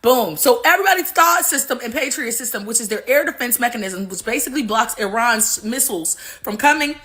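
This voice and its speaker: A woman hosting a livestream, telling a profane, animated story and acting out the voices, with laughs. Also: fairly high pitch, fairly quick. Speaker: livestream host. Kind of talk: casual storytelling commentary.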